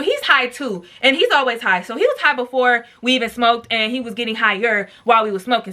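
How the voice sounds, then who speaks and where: Young woman, storytime vlogger, bright voice, slightly high, slangy, chatty, talks to viewers. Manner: chatty and slangy, constant fillers, addresses viewers directly. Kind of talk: casual storytime vlog.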